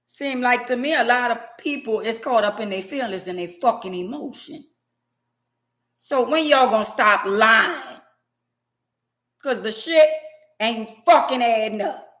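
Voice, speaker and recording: A woman's voice: fairly high pitch, measured pace, long pauses, fairly bright tone, reverberant. A woman ranting in casual commentary, emphatic and profane, hammering her points by repeating them. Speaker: vlogger.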